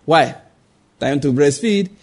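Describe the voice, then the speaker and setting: Male pastor, higher-pitched husky voice, preaching to a congregation with rhetorical questions and acted-out voices in his stories. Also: expressive, takes it slowly, darkish tone. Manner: acts out quoted voices. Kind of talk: sermon.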